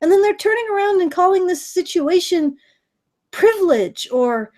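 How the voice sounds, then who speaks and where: A woman co-hosting a casual podcast, talking in a profane, animated, self-deprecating way. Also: very high-pitched, normal speed. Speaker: podcast co-host.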